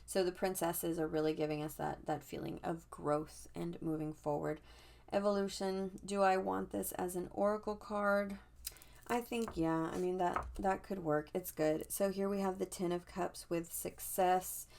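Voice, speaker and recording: A woman's voice: fairly low pitch, flat delivery, normal speed, creaky, a little mellow. A woman tarot reader chatting casually as she reviews a deck, musing aloud and often restarting her sentences. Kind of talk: casual chat.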